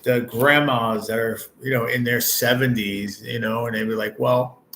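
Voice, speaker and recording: A livestream host in his late forties, ill with stage four cancer, chats casually from his hospital room, rambling bluntly with heavy swearing. His voice is medium-pitched, steady, pushed and bright at a moderate pace, and the rough recording has slight background noise.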